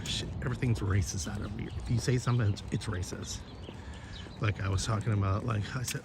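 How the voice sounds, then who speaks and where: A man's voice: lowish voice, fairly even intonation, brisk, noisy background. A man chatting casually while walking his neighborhood, rambling and swearing as he gossips about the neighbors. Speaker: vlogger. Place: outdoors in a neighborhood.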